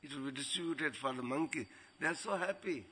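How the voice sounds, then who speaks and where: A man tells devotional stories as a spiritual teacher, animated and quick to laugh. His voice sits slightly high, with a very sharp, bright edge. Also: breathy edge. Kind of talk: devotional storytelling talk.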